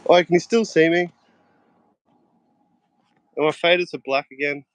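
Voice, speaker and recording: A man's voice: on the high side, fairly even intonation, measured pace, no room sound. A young Australian man in casual chat on a live stream, laid-back, laughing often and swearing freely, talking into his phone. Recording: faint noise and clicks.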